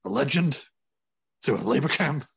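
A man's voice: medium pitch, big pitch swings, unhurried, fairly bright tone, husky, no room sound, pitched above the performer's own voice, heavily acted. A man impersonating an older, blustering wrestling promoter in an exasperated rant. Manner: exasperated ranting.

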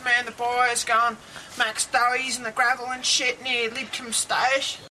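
A man putting on the voice of a crude, excitable local lad, talking in slangy rambling bits. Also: very high-pitched, unhurried, pitched above the performer's own voice, exaggerated voice. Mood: rowdy.

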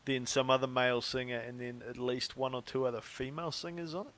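Man, podcast co-host, jokey and profane, halting explanations, bright tense tone. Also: medium pitch, little pitch movement. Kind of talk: casual chat.

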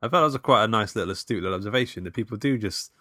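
A man's voice: lowish voice, very fast, pushed and bright, no echo, studio quality. A man in casual chat about a film, laid-back while recapping scenes.

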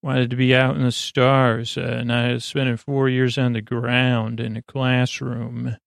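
A man's voice: mid-range voice, a little slow, no room sound, clean studio sound. Man quoting an eager young crewman. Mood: rueful. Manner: quoted in a flat, gravelly recap voice.

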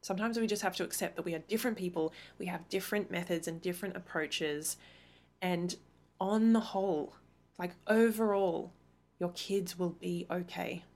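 A woman in her thirties hosting a solo parenting podcast as a coach, talking earnestly and emphatically, with quick acted-out retorts. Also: on the low side, darkish tone.

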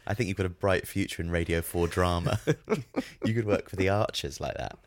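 A man's voice: low voice, moderate pace. A man co-hosting a podcast in casual comedic chat, wry and rambling, often circling back on his words. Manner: wry, rambling, many fillers and restarts. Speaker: podcast co-host.

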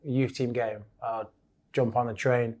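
A man's voice: mid-range voice, level tone, unhurried, darkish tone. A man, chatting as a podcast guest and telling long stories with lots of restarts. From England. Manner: rambling storyteller, many restarts. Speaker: guest, former footballer. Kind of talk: casual chat.

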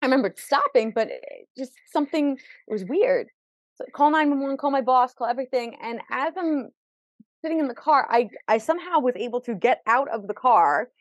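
A woman's voice: a little high, no echo. A woman guest on a podcast, telling a vivid personal story and acting out the people in it, often repeating words as she goes. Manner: vivid, acts out quoted people; repeats words when emotional.

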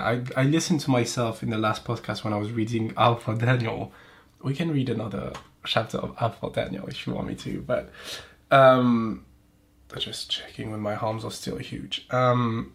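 A man's voice: mid-range voice, vocal fry. Nasal French man rambling on a podcast. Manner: profane, rambling, self-mocking. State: nasal from pollen. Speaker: podcast host. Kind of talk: casual chat and reading aloud.

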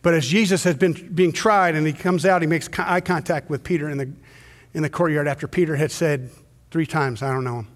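A male pastor preaching a sermon, swinging from hushed, slow storytelling to loud, intense emphasis. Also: on the high side, fairly even intonation. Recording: long hall reverb.

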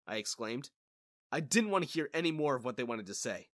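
A man's voice: medium pitch, big pitch swings, fairly quick, a bit bright, dry recording, clean studio sound. A man telling a story in the first person, in casual scripted narration.

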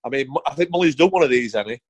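A man's voice: mid-range voice, expressive, very fast, breathy edge, no room sound, lo-fi sound. A middle-aged man, a former footballer telling blunt, sweary stories in a casual interview. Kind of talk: casual anecdotal storytelling.

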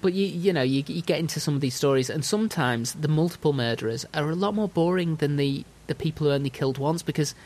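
A man's voice: fairly high pitch, quick pace, hardly any pauses, darkish tone. Chatty man telling a story. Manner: storytelling, dry jokes, puts on silly voices. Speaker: podcast host. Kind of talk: casual podcast chat.

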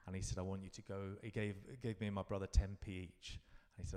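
A man's voice: fairly low pitch, level tone, fast talker, hardly any pauses, darkish tone, in a large hall. A man in his fifties from London, a guest performer in a live interview, telling rambling, reflective stories with frequent restarts. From London, England.

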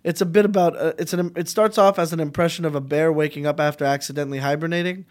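A man's voice: on the high side, fast. Man from Montreal telling rambling stories. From Montreal, Canada. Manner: rambling, animated storytelling with frequent restarts. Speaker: comedian guest. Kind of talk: casual podcast chat.

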